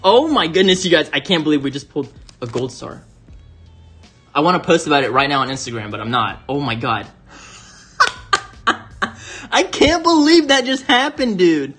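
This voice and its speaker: A man's voice: medium pitch, animated, brisk, long pauses, bright, forceful tone, breathy edge, faint music behind. A man hosting an unboxing video, talking casually to viewers and gushing over each card. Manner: chatty, addresses viewers as "you guys"; gushing exclamations. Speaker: card-opening channel host.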